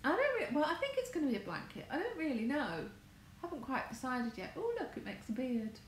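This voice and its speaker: In a high, sing-song voice that runs a little fast, this married crafts vlogger from England chats casually on her livestream. She talks from her home conservatory, meandering and correcting herself along the way. The space echoes, and there's faint background noise.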